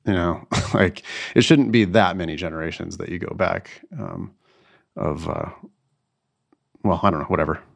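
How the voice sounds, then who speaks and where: Laid-back deep-voiced man. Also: normal speed, creaky. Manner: relaxed, reflective, laughs often. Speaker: podcast co-host, LSAT tutor. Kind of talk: casual chat.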